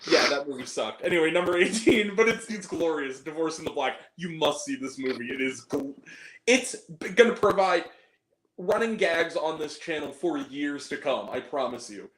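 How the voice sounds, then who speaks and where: A man giving a casual film review, animated, laughing often and acting out scenes in lively quoted voices. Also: fairly high pitch, moderate pace. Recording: echoey room with faint noise.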